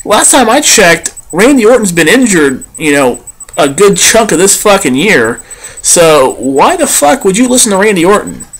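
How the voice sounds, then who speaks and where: Profane ranting man, lively pitch. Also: moderate pace. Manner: profane, heated, blunt. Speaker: vlogger. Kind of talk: ranting commentary.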